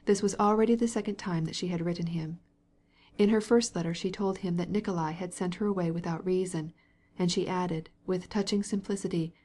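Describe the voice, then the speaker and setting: Low-pitched woman narrating an audiobook. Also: warm tone. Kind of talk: scripted narration.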